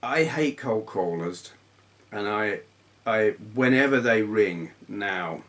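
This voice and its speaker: A man's voice: on the low side, animated, takes it slowly, fairly bright tone. A man in his thirties chatting casually in a vlog, telling grumbly stories in a blunt, swearing manner. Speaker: retro gaming YouTuber. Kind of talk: casual rambling vlog chat.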